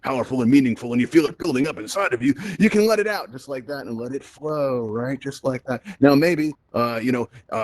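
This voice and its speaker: A man from Brooklyn hosting a live virtual reality event on a stage, animated and chatty, tagging "right?" onto nearly every point as he talks through a headset mic. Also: mid-range voice, no room sound. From Brooklyn, New York. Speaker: host of a VR event. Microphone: VR headset microphone.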